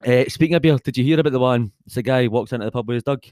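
An easygoing young Scottish man co-hosts a podcast, cracking jokes and moving the chat along. His voice sits at a middle pitch, and the recording is dry, with no echo. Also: rapid-fire, darkish tone. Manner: joking, easygoing, leads the segments. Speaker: podcast co-host. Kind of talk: casual chat.

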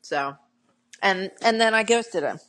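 A woman's voice: medium pitch, expressive, a little slow, fairly bright tone. A middle-aged woman co-hosting a podcast, telling dating stories in a candid, chatty way with plenty of fillers. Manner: candid storytelling with frequent fillers. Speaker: podcast co-host. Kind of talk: casual chat.

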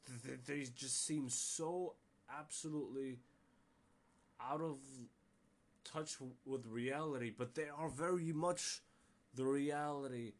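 A man talks through a casual solo podcast episode in a loose, rambling way. He stumbles over restarts and fillers and leans into an exasperated, ranting tone. His voice sits at an ordinary middle pitch for a man. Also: slow. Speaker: podcast host.

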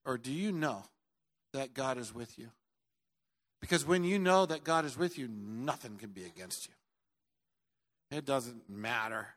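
A middle-aged male pastor preaching, telling a story with loud outbursts and quiet earnest stretches, and joking now and then. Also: medium pitch, lively intonation, unhurried, pauses often. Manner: jokey asides. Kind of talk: sermon.

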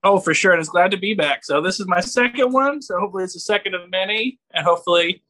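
A man on a podcast as a guest, talking in a rushed, stumbling way. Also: sits high, pushed and bright. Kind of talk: casual chat.

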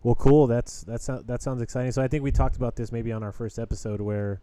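Mellow-voiced man hosting a podcast. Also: mid-range voice, fairly even intonation, fast, smooth. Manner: upbeat, jokey, self-interrupting. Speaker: podcast host. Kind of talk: casual chat.

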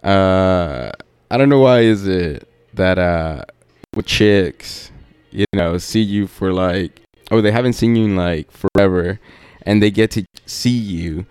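A man's voice: deep voice, takes it slowly, darkish tone, clean tone, no room sound. A young man hosting a podcast, telling a rambling story in a laid-back, profane way with lots of fillers. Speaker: podcast host.

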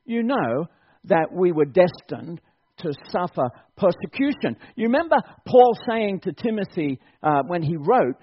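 A man's voice: high-pitched, big pitch swings, a little slow, husky, lo-fi sound. A man preaching a sermon at a church service, exhorting his congregation and laughing often as he talks.

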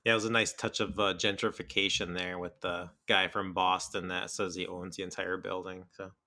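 Bright-voiced casual podcast host man. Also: sits low, normal speed, no echo. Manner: relaxed, lots of fillers like "like" and "kinda". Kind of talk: casual movie discussion.

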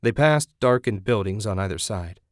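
Low-voiced male audiobook narrator. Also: expressive, moderate pace, no room sound, studio quality.

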